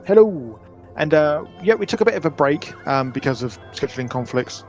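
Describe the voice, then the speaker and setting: A man's voice: fairly high pitch, animated, a little fast, a little mellow, muffled recording. A man hosting a casual gameplay video, chatting and rambling as he plays with a friend. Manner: chatty, rambling, laughs easily. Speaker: gaming channel host. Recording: music and game sounds behind.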